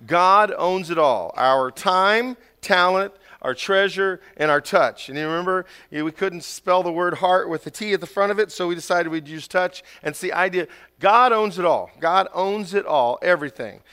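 A middle-aged man preaching a sermon. He reads scripture slowly and deliberately, then tells stories with animated, rising emphasis. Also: sits high, smooth. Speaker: pastor.

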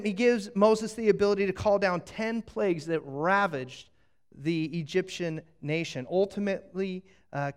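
A man preaches with a noticeably high voice. He tells the story casually, with jokes, and drops into quick acted-out lines along the way. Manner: animated, jokey, acting out quick asides. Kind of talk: sermon.

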